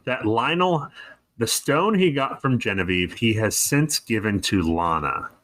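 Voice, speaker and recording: A man co-hosting a podcast, chatting animatedly about a TV episode and poking fun at its scenes. His voice is lowish but bright and edged. His pitch moves a lot as he talks. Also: measured pace, dry recording. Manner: animated, quizzical, quotes scenes mockingly. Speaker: podcast co-host. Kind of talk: casual chat recapping a TV episode.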